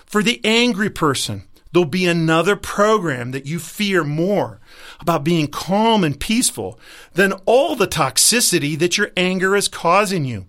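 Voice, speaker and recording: A man's voice: sits high, lively intonation, normal speed, a bit bright. A man who works as a life coach, giving an emphatic motivational talk and acting out the voices he quotes.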